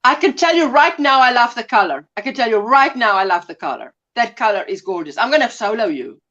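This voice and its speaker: A woman's voice: a little fast, highs cut off. A South African woman hosting a casual crochet livestream, chatty and gushing as she greets viewers. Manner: chatty, gushing, lively swings in pitch. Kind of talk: casual live chat.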